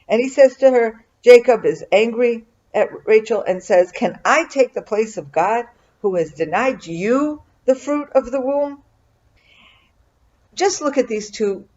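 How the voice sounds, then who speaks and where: A middle-aged woman gives an earnest, reflective Torah commentary, often pausing and restarting her sentences. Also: lowish voice, darkish tone, dull audio. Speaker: Bible teacher.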